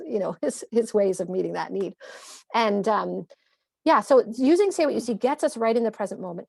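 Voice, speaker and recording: Fast-talking woman with gravelly fry. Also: medium pitch, no room sound, clean studio sound. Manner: animated, quick explaining with acted-out quotes. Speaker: parenting coach guest. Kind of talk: conversational interview.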